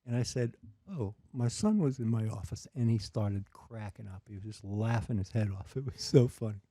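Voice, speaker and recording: A man's voice: mid-range voice, fairly quick, no room sound, clean studio sound. A middle-aged man, a father, telling family stories in a casual chat and acting out the voices. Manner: animated storyteller, acts out voices.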